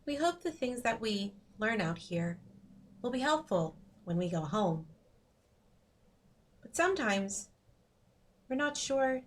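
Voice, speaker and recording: Soft earnest woman playing a tabletop game. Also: medium pitch, sing-song, measured pace, pauses often. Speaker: player. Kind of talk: in-character tabletop role-play.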